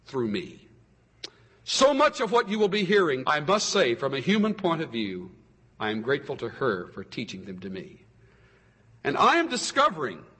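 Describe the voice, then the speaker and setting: A man preaching in a church sanctuary with a high, bright voice. His delivery swings from soaring exclamations to hushed asides, with a very lively pitch. Long reverb from the hall trails each phrase. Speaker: pastor. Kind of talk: sermon.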